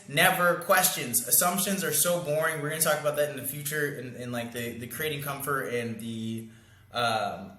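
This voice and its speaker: Young male dating coach, bright, lively and slangy, acting out lines, recorded in a roomy space. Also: medium pitch. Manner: animated, slangy, acts out lines and sound effects. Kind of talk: casual coaching monologue. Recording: echoey room.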